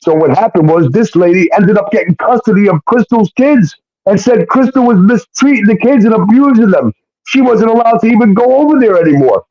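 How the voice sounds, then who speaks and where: Brief: heated male storyteller, higher voice, mellow tone, dull lo-fi recording. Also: lively intonation, a little fast. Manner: heated, swearing, acts out quotes. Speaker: guest telling his story. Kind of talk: casual storytelling. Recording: dull lo-fi sound.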